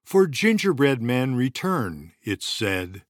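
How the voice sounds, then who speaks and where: A man reading a children's story aloud in an expressive storytelling manner. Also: medium pitch, takes it slowly, dry recording, studio quality.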